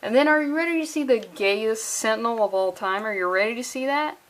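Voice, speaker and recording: A woman's voice: a little high, fairly quick. Exasperated woman ranting about comics. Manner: exasperated, sarcastic, profane. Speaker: comic book reviewer. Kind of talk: casual ranting comic review.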